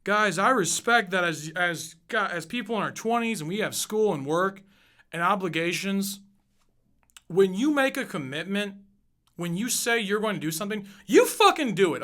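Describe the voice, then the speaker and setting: Young male podcast host, twenties, blunt profane rant delivery, bright tone. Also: sits high. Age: 20s. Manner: blunt, heated, swears constantly. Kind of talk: profane ranting podcast monologue.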